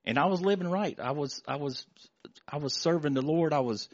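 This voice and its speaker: A middle-aged man giving an emotional, halting testimony before a congregation, often repeating words and restarting his sentences. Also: on the high side, darkish tone, dry recording, muffled recording. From Florida. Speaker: church member giving testimony.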